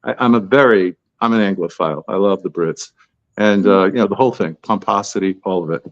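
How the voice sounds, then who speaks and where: Chatty low-voiced man, dull lo-fi sound. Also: brisk, no echo. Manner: chatty, tangential, self-deprecating. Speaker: author guest. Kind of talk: podcast interview answers.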